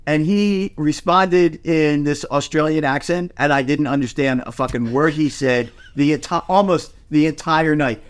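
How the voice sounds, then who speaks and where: A man's voice: fairly high pitch, measured pace, few pauses, clean tone. Casual storytelling middle-aged man. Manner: storytelling, swears casually, self-deprecating. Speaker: podcast co-host. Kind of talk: casual chat.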